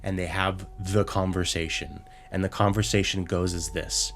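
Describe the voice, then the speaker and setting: A man with a fairly low voice co-hosts a casual podcast. He retells a show in an exasperated, swearing rant and keeps stumbling and restarting his sentences. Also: little pitch movement, normal speed, hardly any pauses, a bit bright, faint music behind. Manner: profane, exasperated ranting with many restarts. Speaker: podcast co-host.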